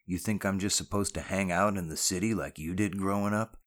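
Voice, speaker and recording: A man voicing a tough, sardonic male criminal with a gravelly, blunt delivery. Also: low-pitched, steady tone, fairly quick, close to an everyday voice.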